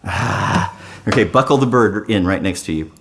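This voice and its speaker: A man's voice: fairly low pitch, expressive, fast talker. A man running an interactive children's show at a library, playful and full of call-and-response. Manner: playful, call-and-response, big swoops up for effect. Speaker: children's entertainer. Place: public library event.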